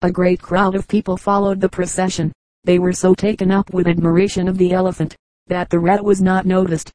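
A woman reading fables aloud as an audiobook narrator, in a calm, measured way. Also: on the low side, no echo, rough recording. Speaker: audiobook reader. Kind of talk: storybook narration.

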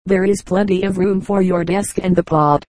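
A woman voicing a gentle, hopeful little girl in a storybook reading, pleading and soft-spoken. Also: lowish voice, fairly even intonation, normal speed, dry recording, lightly acted.

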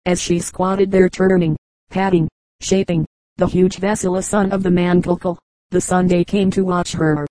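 A woman narrates old folk tales in a calm, measured storytelling voice. Her voice sits low and stays level, with a mellow, unhurried warmth. The recording is close and dry, with no room sound. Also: no echo, low-quality recording. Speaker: audiobook reader.

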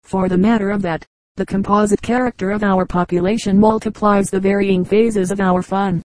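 A woman giving a measured, even reading of an audiobook as its narrator. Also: medium pitch, no echo, low-quality recording. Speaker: audiobook reader. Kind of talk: scripted narration.

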